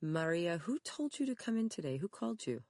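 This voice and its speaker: A narrator voicing a curious young woman who presses with quick questions, set higher than the narration. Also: sing-song, darkish tone, no room sound. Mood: probing. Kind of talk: audiobook character reading.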